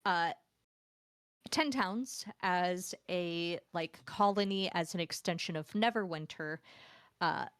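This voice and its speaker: A woman's voice: lowish voice, slow pace, a bit bright, clean tone, no echo, clean studio sound. A woman running a tabletop game as game master, talking casually and swearing freely.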